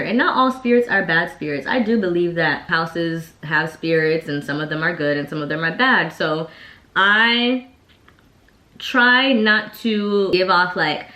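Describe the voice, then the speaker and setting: Woman vlogger, low voice, chatty casual storytime, echoey room. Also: sharp tone. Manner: chatty, lots of "like" fillers. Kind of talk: casual storytime while getting ready.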